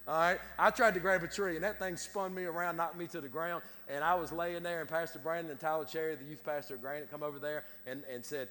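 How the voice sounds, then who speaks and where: A man's voice: a little high, steady tone, fast talker, hardly any pauses, fairly bright tone. A man preaching a sermon in a folksy, repetitive way, with stammered restarts and plain country grammar. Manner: folksy, repeats words, Southern-style grammar. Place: church sanctuary. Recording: long reverb in a hall.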